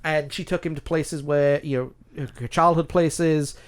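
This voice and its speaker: A man's voice: on the high side, measured pace, clear, resonant tone. Opinionated British man ranking songs. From United Kingdom. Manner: opinionated, animated, with many restarts. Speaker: podcast co-host. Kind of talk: casual chat ranking songs.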